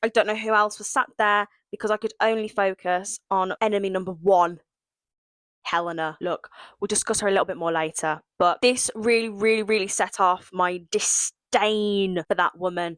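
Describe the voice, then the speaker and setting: A woman's voice: mid-range voice, fairly even intonation, moderate pace, fairly bright tone, dry recording. A young woman recapping a reality show in a casual vlog, dramatic and sarcastic, full of mock outrage. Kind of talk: casual reaction commentary.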